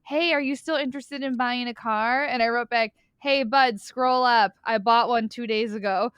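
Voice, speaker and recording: A woman co-hosting a podcast, her voice smooth and a little high. She chats with wry asides, recorded close and dry with no room sound. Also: moderate pace, fairly bright tone, no room sound, dull audio. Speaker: podcast co-host. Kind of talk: casual chat.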